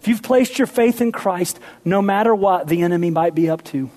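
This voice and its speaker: A pastor preaching a sermon, playful with the congregation at times and dropping to hushed, intense appeals. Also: male voice, high voice, fairly quick.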